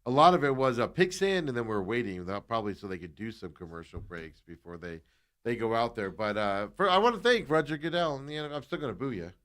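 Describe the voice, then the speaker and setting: Animated, bright-voiced sports radio man. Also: mid-range voice, quick pace. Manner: animated, excitable storytelling. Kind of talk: sports talk radio banter.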